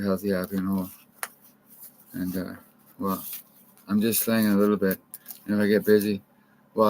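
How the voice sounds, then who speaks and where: Low flat-voiced rambling man. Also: low-quality recording. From Canada. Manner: rambling, profane, jumps between topics. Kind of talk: rambling monologue to camera.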